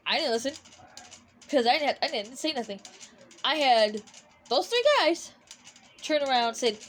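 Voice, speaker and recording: A young woman with a slightly high voice tells a story from her own life. She rambles, stops herself and starts over, with plenty of fillers along the way. A faint noise hums behind her. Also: lively intonation, fairly bright tone. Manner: rambling, halting, with many restarts and fillers. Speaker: vlogger. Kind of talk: casual storytelling.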